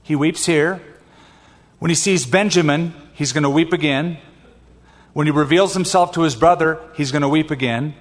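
A man's voice: fairly high pitch, normal speed. Older male pastor preaching in a hall. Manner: conversational preaching, personal asides. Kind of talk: sermon.

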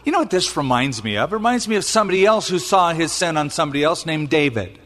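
A male preacher delivers a sermon with a fairly high voice, swinging between quiet asides and loud exclamations. He acts out the people in the story as he goes. A long reverb hangs in the hall around him. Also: fast, slight background noise. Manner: animated, acts out quotes, exclaims. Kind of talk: sermon, retelling scripture.

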